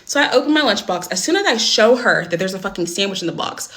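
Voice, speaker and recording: A woman's voice: medium pitch, lively intonation, fast talker, a bit bright. A young adult woman telling a personal story to camera in a casual storytime vlog, candid and blunt, swearing often and filling with "like". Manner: candid, heavy swearing, many "like" fillers.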